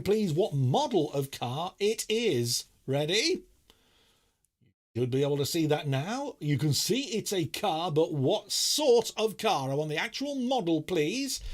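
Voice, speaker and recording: A man's voice: high-pitched, breathy edge. A middle-aged man hosting a live online quiz, reading questions with playful, self-mocking banter.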